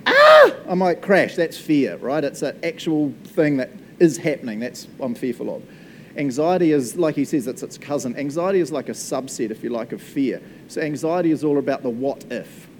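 A man's voice: medium pitch, warm tone, slight background noise. A man preaching a casual, jokey sermon as pastor, laughing often and checking in with the congregation. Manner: chatty, jokey, laughs often, asks the room "eh?".

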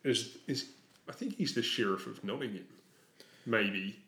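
A man's voice: fairly low pitch, expressive, a little slow, sharp tone, reverberant. A man co-hosting a podcast in casual chat, sarcastic and swearing freely. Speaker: podcast co-host.

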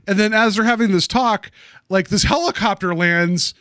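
A man's voice: sits high, normal speed, bright, forceful tone, clean tone, no echo, clean studio sound. A man casually discussing a movie on a podcast, joking and rambling with lots of fillers. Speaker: podcast co-host.

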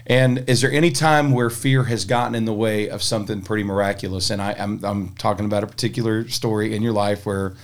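A man's voice: lowish voice, flat delivery, fairly quick, hardly any pauses. A man hosting a podcast, chatting eagerly with his guest and cutting in with prompts and reactions. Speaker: podcast host. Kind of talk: casual podcast chat.

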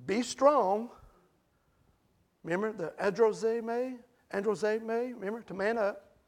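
A man preaching a sermon emphatically, swinging from hushed asides to near-shouting. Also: high-pitched, normal speed.

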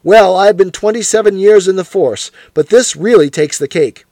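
A man voicing a blunt, joking police inspector with a hearty, gruff manner. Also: high voice, moderate pace, warm tone, dry recording, voice pushed up. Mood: astonished.

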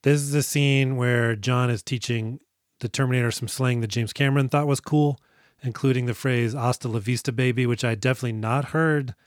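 A man's voice: medium pitch, fairly even intonation, brisk, no room sound, clean studio sound. A man co-hosting a casual movie podcast, recapping scenes in a jokey, profane way and acting out lines. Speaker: podcast co-host.

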